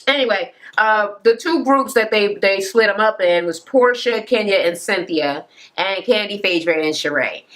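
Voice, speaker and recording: A woman's voice: animated, normal speed, a bit bright. A woman recapping a reality show in a casual, profane rant, acting out the cast members' lines. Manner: sassy, profane, acts out cast members' quotes in higher voices.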